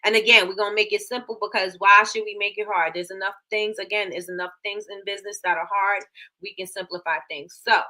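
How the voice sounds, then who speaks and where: The livestream host is a woman with a mid-range, pushed and bright voice, speaking a little fast with fairly even intonation. On her casual live business show she's chatty, reads out stats and repeats phrases.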